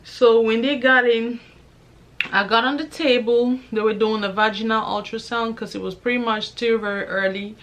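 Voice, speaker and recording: A young woman vlogger telling a personal faith testimony in a lively, conversational way, acting out both sides of the conversations she recounts. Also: on the high side, moderate pace, a little hiss or hum. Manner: religious, praises God while telling. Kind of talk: personal storytelling.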